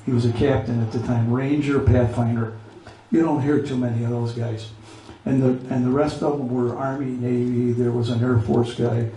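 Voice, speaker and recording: A man's voice: mid-range voice, little pitch movement, moderate pace, dark tone, a little hiss or hum. A man from Pennsylvania, a veteran, telling rambling stories in casual talk and stopping to give his service dog commands. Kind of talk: casual spoken storytelling. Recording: very echoey room, mic far off, faint ambience.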